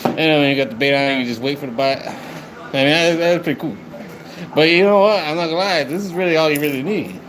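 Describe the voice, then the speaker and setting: A man's voice: on the high side, fast, fairly bright tone. A man chatting on a live stream, rambling and swearing as he talks to his viewers. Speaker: livestreamer. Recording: noisy background.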